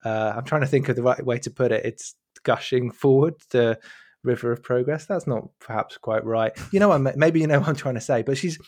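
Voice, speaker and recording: A man's voice: mid-range voice, a little fast, a little mellow, no echo. Man searching for words in a dry room. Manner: groping for words, many restarts. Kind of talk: casual podcast discussion.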